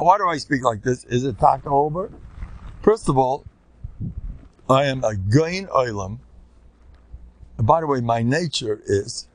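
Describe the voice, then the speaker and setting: An older man giving an informal Torah lecture, animated, swinging between loud bursts and quiet asides and peppering his talk with Yiddish and Hebrew terms. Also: medium pitch.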